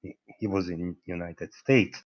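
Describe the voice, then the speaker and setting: Man from Israel, fairly low voice, blunt, dull lo-fi call audio. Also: steady tone, unhurried. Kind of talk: casual group call chat.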